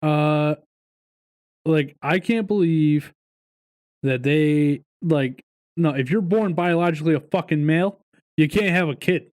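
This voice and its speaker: A man's voice: fairly high pitch, a little slow, long pauses. A man co-hosting a podcast, ranting and swearing while telling casual stories. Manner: profane, ranting, animated storytelling. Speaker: podcast co-host.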